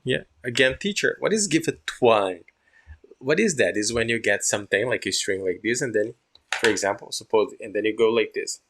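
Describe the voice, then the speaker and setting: Gravelly-voiced man teaching English. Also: fairly low pitch, expressive, moderate pace, fairly bright tone. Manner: keeps checking in with "yeah?" and "okay?"; acts out sounds while explaining. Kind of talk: casual online English lesson.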